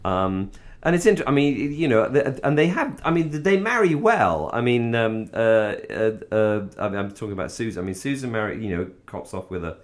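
A man's voice: medium pitch, very animated, a little fast, few pauses. A man co-hosting a casual fan podcast, rambling with many restarts and asides. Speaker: podcast co-host.

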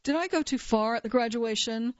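A woman reading the lines of a gruff, paranoid, dying old male judge who barks and accuses. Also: on the high side, brisk, no room sound, dull audio, voice pushed up, lightly acted. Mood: suspicious, gruff. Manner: gruff, barking, suspicious.

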